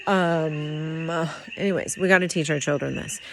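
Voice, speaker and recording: A woman's voice: sits low, moderate pace, fairly bright tone, a little hiss or hum, poor audio. A woman vlogging to the camera in an earnest, rambling way, laughing often as she talks through her feelings. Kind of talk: heartfelt personal talk to camera. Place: in Puerto Rico.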